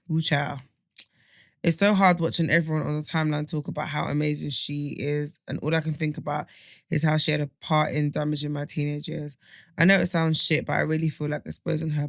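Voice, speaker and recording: A young man co-hosting a podcast, chatting in an animated, slangy way and reading listener messages aloud. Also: a little high, vocal fry, no room sound, studio quality. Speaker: podcast co-host. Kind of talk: casual chat.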